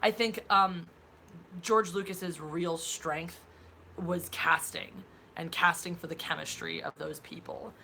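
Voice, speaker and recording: Bright-voiced playful woman co-host. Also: fairly low pitch, steady tone, slow, creaky, slight background noise. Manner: playful, laughs often, many fillers. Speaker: podcast co-host. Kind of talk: casual live-stream chat.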